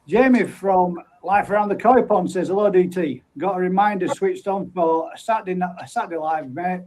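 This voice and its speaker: A man's voice: sits high, moderate pace, darkish tone, a little hiss or hum, poor audio. A man hosting a casual live stream, reading out viewer comments and greeting each person by name in an easygoing, friendly way. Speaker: livestream host.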